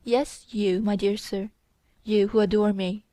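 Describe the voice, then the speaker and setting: A woman's voice: mid-range voice, unhurried, a little mellow, dry recording, lightly acted. A woman voicing a cold, contemptuous young woman in an audiobook, speaking in a commanding way. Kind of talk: audiobook character reading.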